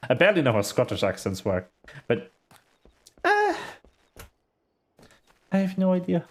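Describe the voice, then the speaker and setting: Male game streamer, casual and playful, animated pitch. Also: a little slow. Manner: self-mocking, chatty and playful.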